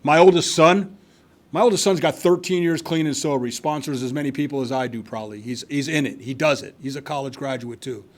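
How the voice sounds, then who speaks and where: Brief: man in his sixties, mid-pitched voice, loose candid testimony with wry asides at a recovery meeting. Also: brisk. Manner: candid storytelling with repeated restarts and wry asides. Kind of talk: personal testimony to a live meeting. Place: meeting hall.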